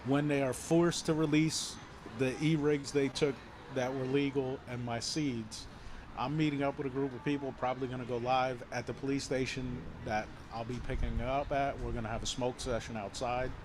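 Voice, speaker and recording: A man's voice: mid-range voice, moderate pace, background noise. A man chatting casually and telling a long story with lots of energy, acting out the other people's lines and swearing freely. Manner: animated storyteller, acts out quoted voices, swears freely. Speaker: guest telling his story. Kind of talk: casual chat.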